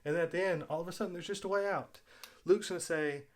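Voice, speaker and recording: A man's voice: high voice, quick pace. A man hosting his own video, talking in a casual, rambling way as he retells a story, with fillers and restarts. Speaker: video host. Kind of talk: casual spoken commentary.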